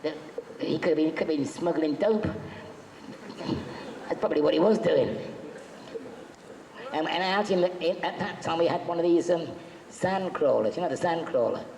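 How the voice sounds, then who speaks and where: A man's voice: fairly high pitch, normal speed, gravelly, pauses often, darkish tone. A man telling jokey, chatty anecdotes as a guest on a convention panel, acting out the quotes in his stories. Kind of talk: anecdotal storytelling to a live audience. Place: convention hall. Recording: echoey hall, faint background noise.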